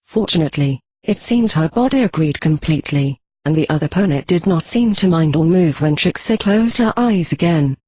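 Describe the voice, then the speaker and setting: A text-to-speech voice narrating a storybook in a flat, even synthetic delivery. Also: medium pitch, normal speed, few pauses, slightly rough, no echo, rough recording.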